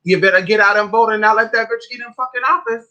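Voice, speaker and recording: A woman hosts a loose livestream rant, sassy and full of profanity, wandering from point to point while she eats. Her voice sits high for a voice in its register and has a bright, forceful edge. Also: fast talker, dull audio. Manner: eating while talking. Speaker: livestream host. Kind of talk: casual ranting livestream.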